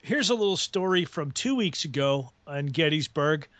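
A man with a fairly high voice tells a casual, rambling story as a guest on a talk radio show. He chuckles often and restarts his phrases. The sound is close and dry, with no room around it. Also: animated, moderate pace, a bit bright, no echo.

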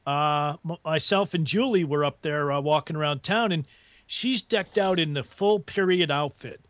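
A man's voice: fairly high pitch, normal speed, fairly bright tone, no room sound, highs cut off. A man on a radio talk show, telling a rambling story in a casual way and chuckling often.

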